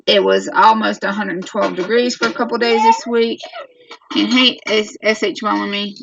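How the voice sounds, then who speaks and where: A woman's voice: medium pitch, steady tone, normal speed, vocal fry, no echo, recorded from a distance, lo-fi sound. A woman with a Southern accent hosting a casual family live stream, chatty and homey, talking to her kids between remarks. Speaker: homesteading channel host, mother.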